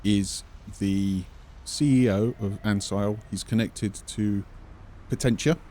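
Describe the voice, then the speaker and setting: A man's voice: lowish voice, steady tone, takes it slowly, mellow, slight background noise. A man running a tabletop game as game master, patiently correcting and reminding the players.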